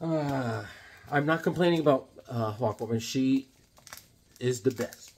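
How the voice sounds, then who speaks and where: This time the comic-collector host speaks at medium pitch, a little slow and a little mellow. He pages through comics in a loose comedic chat, rambling, joking, and slipping into silly asides, voices, and songs.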